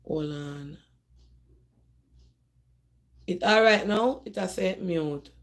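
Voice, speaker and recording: A woman's voice: on the low side, extremely slow. A middle-aged woman from Jamaica with a Jamaican accent, hosting a live phone stream and talking animatedly straight to her viewers, often repeating herself and restarting. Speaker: host of a live call-in discussion. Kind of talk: casual live-stream talk.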